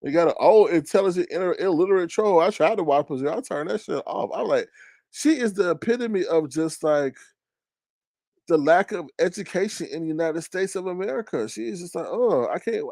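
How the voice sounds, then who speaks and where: A young man hosts a casual commentary stream, ranting and mocking with a rather high voice that swings wildly up and down. His voice has a gravelly edge, and the sound is dry and close. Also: no room sound. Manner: loud, profane, mocking rant with big pitch swings. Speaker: commentary show host.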